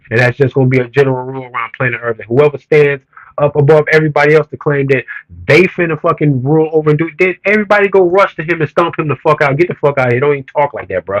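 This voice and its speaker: A man's voice: medium pitch, no echo, low-quality recording. A man on a livestream, talking to his chat in a blunt, profane, heated rant that keeps building in emphasis. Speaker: streamer reading comments.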